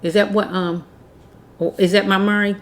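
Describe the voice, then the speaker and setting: A woman's voice: medium pitch, flat delivery, moderate pace. A woman giving a casual tarot reading, blunt and preachy, repeating herself as she scolds. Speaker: tarot reader.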